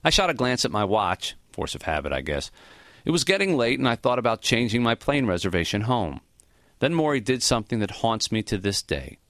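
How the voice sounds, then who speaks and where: A man narrating a memoir in the first person, reflective and measured. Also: medium pitch, very animated, fairly bright tone, no room sound, studio quality. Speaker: audiobook narrator.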